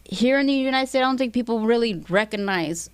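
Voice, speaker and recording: A woman's voice: on the high side, fairly quick, clear, resonant tone, dry recording. A woman guest, a fight promoter, talking bluntly and emotionally with heavy swearing. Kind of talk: emotional interview talk.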